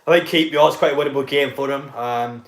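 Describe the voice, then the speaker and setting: A man's voice: mid-range voice, steady tone, fairly quick, roomy sound. Chatty man streaming live football commentary. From North East England. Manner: chatty, swearing, laughing at the match.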